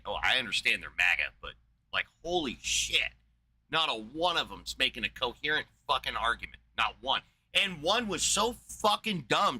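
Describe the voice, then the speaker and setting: A man delivers an angry, profane rant in a very bright, sharp-edged voice. He sounds exasperated, swearing heavily as he reacts as a podcast host. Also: a little high, slightly rough, low-quality recording.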